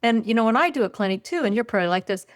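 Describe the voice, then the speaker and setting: An older woman appears as a podcast guest, telling stories in a lively, conversational way with a slightly high voice at a very fast pace. She often gets louder when quoting herself.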